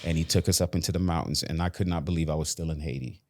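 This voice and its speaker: A man who grew up in Jamaica and the Bronx, guest on a casual interview, telling stories in an animated way and acting out what people said. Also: a bass voice, very fast. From grew up in Jamaica and the Bronx, New York. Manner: animated storyteller who acts out quotes.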